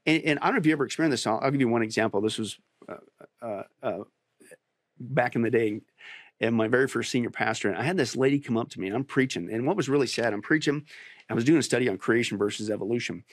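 A man, a pastor, speaking emphatically as a guest on a talk show and rising to forceful peaks as he preaches his point. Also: medium pitch, quick pace, dry recording, clean studio sound. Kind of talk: preaching on a podcast interview.

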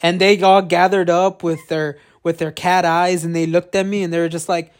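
A congested podcast co-host with a high voice chats casually at a moderate pace and a level tone. He rambles, swears a lot, laughs often, and coughs.

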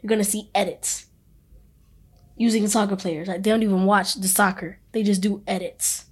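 A young woman co-hosting a podcast, telling stories in a relaxed, matter-of-fact way. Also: mid-range voice, normal speed, slightly rough. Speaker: podcast co-host. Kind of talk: casual chat.

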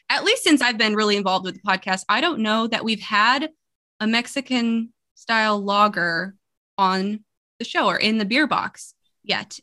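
A woman's voice: mid-range voice, sharp tone. A woman co-hosting a casual podcast, bubbly and chatty, talking over a remote call mic. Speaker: co-host.

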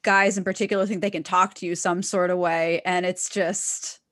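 Woman, podcast co-host, lower voice, relaxed questioning. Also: moderate pace. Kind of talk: casual chat.

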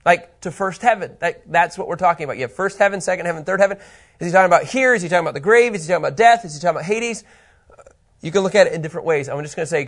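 High-voiced, animated man teaching Bible. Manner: animated, conversational, asks rhetorical questions.

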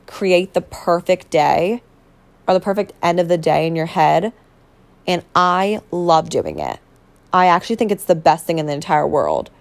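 A woman's voice: fairly low pitch, darkish tone. Rambling bubbly young woman podcaster. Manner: rambling, bubbly, self-interrupting with lots of "like". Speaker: podcast host. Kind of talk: casual solo podcast chat.

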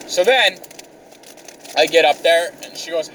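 His voice is fairly high, pushed and bright, and he keeps a measured pace with frequent pauses. The young man is an exasperated vlogger ranting comedically with nonstop profanity, recorded on a slightly distant mic with faint car noise behind him.

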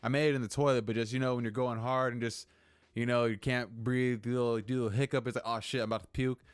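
A man's voice: mid-range voice, level tone, fast, smooth, dry recording, studio quality. A young man hosting a casual solo podcast, rambling and venting with lots of swearing. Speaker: podcast host.

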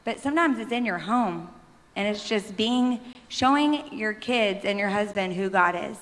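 A woman's voice: medium pitch, animated, a little slow, fairly bright tone. A woman in her thirties sharing a heartfelt, rambling faith testimony on stage, often restarting her sentences. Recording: long hall reverb.

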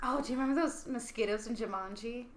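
A woman in casual conversation, jumping in with quick, animated reactions. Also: fairly high pitch, a crowd in the background.

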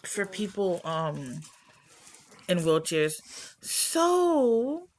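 A woman's voice: deep voice, fairly even intonation, measured pace, fairly bright tone, a little hiss or hum. A middle-aged woman hosting her own podcast, talking casually and candidly in a rambling, self-reflective way from home. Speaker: podcast host. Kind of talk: casual personal talk.

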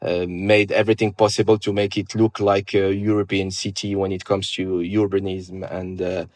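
A man in his thirties from Morocco with a Moroccan French accent, answering interview questions in a relaxed, hesitant way with many pauses. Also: low-pitched, no room sound, clean studio sound. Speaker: guest. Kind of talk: casual interview conversation.

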